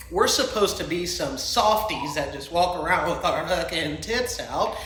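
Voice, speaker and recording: A man with a fairly high voice hosts his solo podcast, rambling from one opinion to the next with crude jokes and frequent laughs. His voice rings in an echoey room with a faint hum underneath. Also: pushed and bright. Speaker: podcast host.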